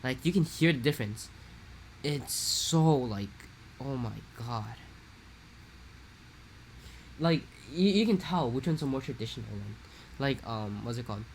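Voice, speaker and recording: A young man from Hawaii, telling a rambling, animated story in a casual podcast chat. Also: mid-range voice, measured pace, pauses often, slight background noise. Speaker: podcast co-host.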